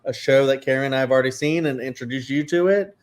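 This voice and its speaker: A man co-hosting a casual chat show, rambling with many fillers, excitable and a little emotional. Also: medium pitch, fast talker. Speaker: co-host.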